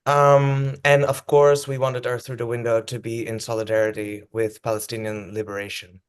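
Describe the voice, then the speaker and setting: A Dutch man opening an online event over a video call. His voice is smooth and resonant at a middle pitch, and he talks in a relaxed, chatty way, pausing on ums as he goes. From Netherlands. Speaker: co-host. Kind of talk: casual online event hosting.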